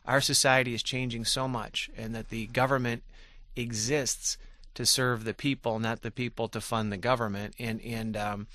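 A man's voice: medium pitch, level tone, moderate pace, sharp tone, no room sound. A man in his forties from Michigan, a former legislator and radio guest, telling his story candidly and with self-deprecating humor, often restarting his sentences.

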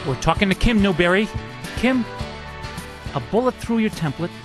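A man hosts a radio talk show, leading into and out of an interview with his guest. His voice sits a little high for a man. He presents in an earnest, emphatic way. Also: animated, normal speed, over music.

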